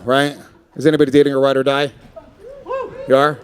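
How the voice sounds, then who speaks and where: A man's voice: mid-range voice, flat delivery, brisk. A man in his thirties doing a brash, profane stand-up comedy set with crowd work on a stage mic. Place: comedy stage before a live audience. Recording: live crowd laughter.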